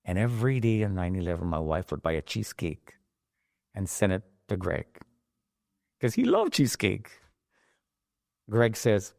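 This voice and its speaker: Animated middle-aged man telling his story. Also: fairly low pitch, normal speed, pauses often, no room sound, studio quality. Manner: animated, acts out the voices of the people in his story. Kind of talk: emotional personal storytelling.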